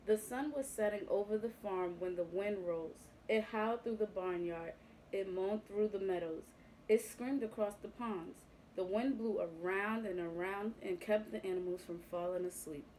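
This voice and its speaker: A woman reading a picture book aloud to young children, with a gentle, expressive storytelling manner. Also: mid-range voice, normal speed, a little hiss or hum, low-quality recording.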